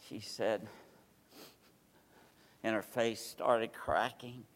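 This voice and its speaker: A male pastor preaching a sermon, telling a story with acted-out quotes and swinging between loud declarations and hushed asides. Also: on the low side, slow, long pauses, big-room sound. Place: church sanctuary.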